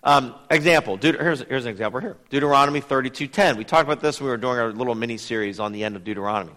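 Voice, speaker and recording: A man teaching a Bible study in a lively, conversational way, putting questions to his listeners. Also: mid-range voice, very fast, big-room sound. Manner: lively, asks the audience questions.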